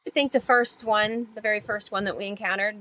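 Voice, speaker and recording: A woman guest on a podcast telling her stories in a chatty way, with many fillers, and growing animated when she acts out past talk. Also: medium pitch, a little fast, slight background noise, low-quality recording. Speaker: podcast guest, sailor and author. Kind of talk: casual storytelling interview.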